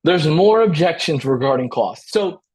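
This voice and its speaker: A man runs a high-energy live training webinar, repeating his points and checking in again and again with "right?" while acting out client dialogue in short role-plays. His voice is a little high, expressive, a little mellow, and slightly rough.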